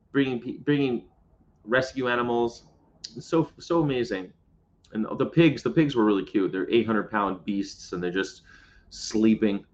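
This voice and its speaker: This medium-pitched man is a vegan livestreamer chatting from inside a parked box truck. He rambles and cracks jokes, reading viewer comments out loud, and the sound quality is lo-fi.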